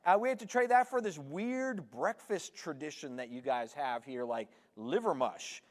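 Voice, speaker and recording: A man's voice: a little high, normal speed, big-room sound. A man from Canada in his forties preaching a sermon in a church, chatty and joking with the congregation. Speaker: pastor. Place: church sanctuary.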